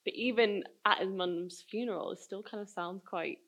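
A woman talks in a relaxed group discussion, thinking aloud about a film. She is chatty, with many "like" fillers. She has a middle-pitched voice. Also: normal speed. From UK countryside.

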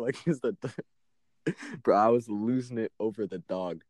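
A man's voice: medium pitch, normal speed, long pauses, darkish tone, no room sound. A young man casually telling a long, profane story as a podcast co-host, laughing now and then.

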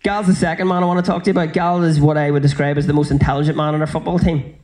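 A young Northern Irish man doing stand-up, telling his story in a brisk, conversational run and swearing casually. His voice sits a touch high for a man. He talks at a very quick clip. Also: level tone, noisy background. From South Armagh, Northern Ireland. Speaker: stand-up comedian.

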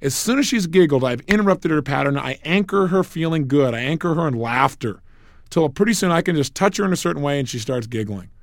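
Man, motivational speaker, high lively voice, emphatic, dry close recording. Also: a little fast, no room sound. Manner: emphatic, repetitive, storytelling. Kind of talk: recorded self-help lecture.

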